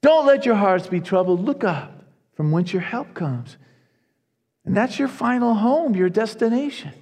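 A man preaching a sermon to his congregation, earnest and animated, often restarting his phrases. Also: high voice, unhurried, big-room sound. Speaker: pastor.

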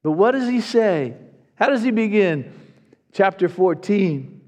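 A man's voice: high voice, very animated, normal speed. A man preaching an earnest, emphatic sermon as pastor, often repeating words as he presses a point. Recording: long reverb of a large hall.

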